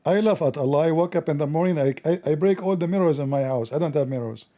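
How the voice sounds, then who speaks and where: A man hosting a livestream, talking in a sarcastic, mocking comedic monologue with a gravelly voice. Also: fairly high pitch, quick pace, mellow. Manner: sarcastic, mocking, acts out dialogues. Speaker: livestream host.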